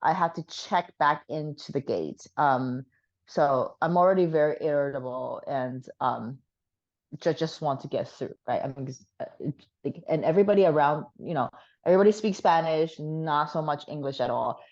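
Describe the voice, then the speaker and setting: Woman guest, low voice, animated chatty storyteller who swears casually; dull lo-fi sound. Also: moderate pace.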